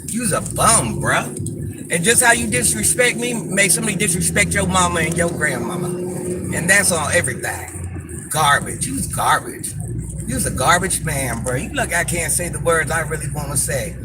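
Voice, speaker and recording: A woman's voice: lowish voice, normal speed, very noisy. An older woman, a social media personality, scolding commenters in a sassy, confrontational live rant, repeating her insults for emphasis.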